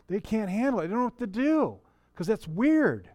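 A middle-aged male pastor delivers a sermon in a relaxed, conversational way, often restarting his sentences and putting questions to the congregation. His voice sits a little high for a man. The sound is dry and close, with little room echo. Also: normal speed. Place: church.

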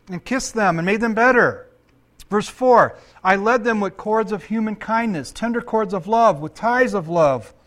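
High-voiced animated male preacher. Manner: animated, asks the audience questions; reads scripture aloud and comments. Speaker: pastor and counselor. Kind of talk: sermon.

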